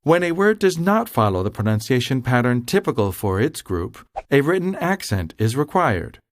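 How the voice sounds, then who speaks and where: A man giving scripted, measured explanations as a language instructor. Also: mid-range voice, big pitch swings, a little hiss or hum.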